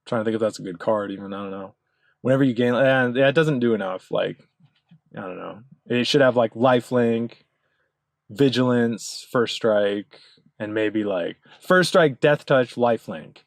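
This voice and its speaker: A man's voice: mid-range voice, moderate pace, creaky, dry recording. Man ranting, profane and rambling, dry sound. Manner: rambling, profane, insistent, with many fillers. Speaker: video commentator. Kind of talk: ranting commentary over card images.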